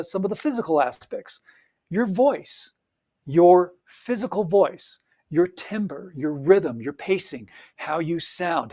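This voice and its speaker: A man's voice: on the high side, darkish tone. A man hosting a solo coaching podcast, talking earnestly and encouragingly to authors, with frequent fillers and emphatic repetition. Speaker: podcast host and audiobook coach.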